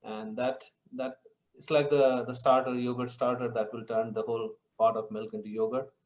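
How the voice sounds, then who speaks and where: A man's voice: mid-range voice, flat delivery, moderate pace, darkish tone, poor audio. Man explaining with homely analogies. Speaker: study group participant. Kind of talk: scripture study discussion. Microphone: video call.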